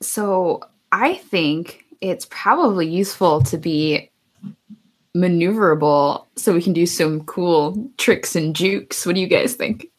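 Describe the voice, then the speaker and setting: A woman playing a tabletop game, chatting in a friendly, relaxed way. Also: fairly low pitch, slow pace. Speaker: player. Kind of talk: casual game chat.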